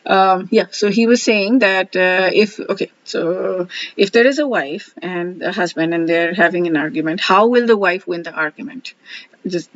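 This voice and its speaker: A woman's voice: lowish voice, normal speed, no echo, dull audio. A woman hosting a daily scripture study, commenting on verses in a chatty way, reading quotes aloud and using many fillers. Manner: chatty, reads quotes, frequent fillers and laughs.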